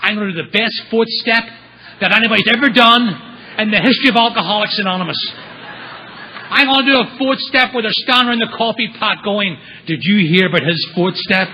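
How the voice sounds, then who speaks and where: A man tells his recovery story at a meeting. His voice sits high and is very bright, and he slips into quick impressions of the people in his tale. A faint hiss of noise runs under the recording. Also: rough recording. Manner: animated storyteller acting out quotes. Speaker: AA speaker.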